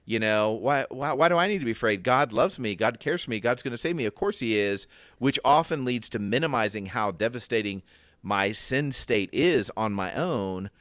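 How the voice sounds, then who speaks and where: A man's voice: mid-range voice, lively intonation, normal speed, a bit bright, dry recording. A man talking through a Bible chapter in an easy podcast chat, his voice sitting in the middle of the male range. He thinks aloud, restarts his sentences and voices the questions running through his head. The recording is close and dry, with no room sound. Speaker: podcast co-host. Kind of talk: casual Bible discussion.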